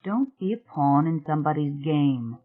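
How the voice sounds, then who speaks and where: A man voicing a calm, strong-willed woman who talks in a firm, clipped and sometimes sharp way. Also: a little high, normal speed. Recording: thin, phone-like audio.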